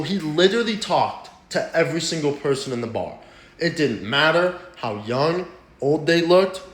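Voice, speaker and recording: A young man casually telling a rambling, profane personal story in slangy talk. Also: on the high side. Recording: roomy echo.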